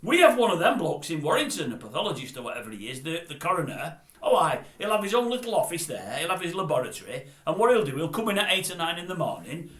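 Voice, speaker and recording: Grumpy older man with a northern english accent, ranting, a bit high, roomy echo. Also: bright, forceful tone. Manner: blunt, scornful, repetitive ranting. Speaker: vlogger. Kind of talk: grumpy rant to camera.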